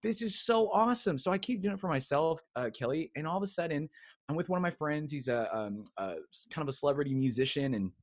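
Middle-aged guy telling his story, lively, does little voices for the people he quotes, mid pitch. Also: dry recording, studio quality. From United States. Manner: animated storyteller who acts out quoted voices. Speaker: guest, creative coach. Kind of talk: casual storytelling interview.

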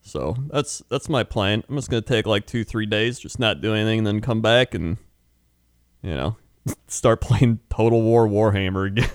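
A man's voice: lowish voice, normal speed, clear, resonant tone, dry recording, clean studio sound. Laughing, rambling man in casual chat. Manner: laughs often, rambling storytelling. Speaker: podcast co-host.

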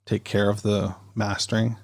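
A man's voice: lowish voice, flat delivery, normal speed. A man hosting a podcast, rambling and chatty in a casual monologue, recorded on a studio dynamic mic. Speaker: podcast host.

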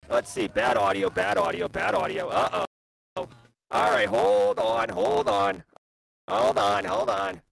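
A man hosting a live cybersecurity news stream, talking in a casual, animated way that jumps high and low. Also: a little slow, creaky, low-quality recording. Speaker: livestream host. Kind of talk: casual livestream chat.

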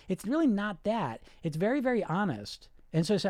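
A man's voice: high-pitched, lively intonation, moderate pace, a little mellow, no echo, studio quality. A man coaching on weight loss in a live podcast monologue, blunt and profane, acting out the inner voices he talks about.

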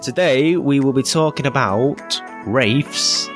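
A man's voice: medium pitch, takes it slowly. Northern english guy rambling on a podcast, mid voice, music underneath. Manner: rambling, chatty, with fillers and restarts. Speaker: podcast co-host. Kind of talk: casual podcast chat.

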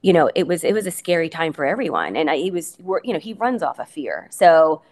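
A woman's voice: low voice, big pitch swings, brisk, darkish tone. A middle-aged woman, a guest on an interview podcast, talking casually in a rambling way with many fillers and restarts. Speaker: guest, coach's wife.

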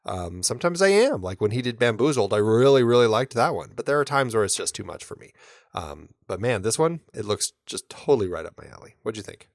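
A man's voice: lowish voice, very animated, a little fast, dry recording, studio quality. A man co-hosting a podcast, chatting casually and enthusiastically with plenty of fillers and restarts. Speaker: podcast co-host. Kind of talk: casual chat.

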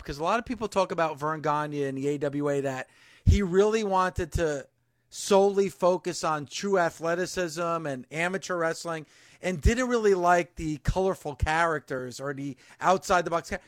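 A man's voice: sits high, no room sound. A man hosting a podcast, asking conversational interview questions. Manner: conversational, inquisitive. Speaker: podcast host.

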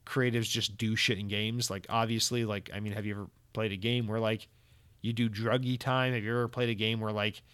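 A man's voice: mid-range voice, fairly bright tone, clean tone, no room sound. A man hosting his own podcast, talking alone in a casual, rambling way, sarcastic and goofy with a lot of swearing. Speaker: podcast host. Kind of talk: casual solo podcast monologue.

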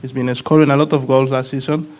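A man's voice: medium pitch, little pitch movement, fairly quick, a little mellow. A man, a former player of the club, talking as a guest in a casual panel chat, often repeating words as he searches for them.

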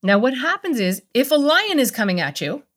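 A woman speaking as a guest expert on a podcast, explaining a calming technique with quick role-play examples. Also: sits high. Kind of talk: conversational interview.

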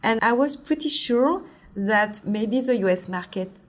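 A woman's voice: on the high side, lively intonation, unhurried. A woman in her forties with a French accent, a brand founder explaining her products in an interview in an earnest, step-by-step way. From Martinique. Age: 40s.

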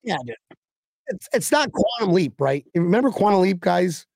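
A man's voice: sits high, big pitch swings, normal speed, vocal fry, a little mellow, dry recording. A man hosting a casual podcast chat, joking, swearing and laughing with guests. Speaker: podcast host.

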